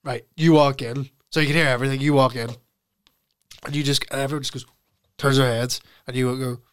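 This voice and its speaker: A young man, hosting a casual podcast and telling an animated story with frequent laughs. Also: medium pitch, brisk, smooth. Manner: animated storytelling, laughs often, calls friend "lad". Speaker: podcast host. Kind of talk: casual chat.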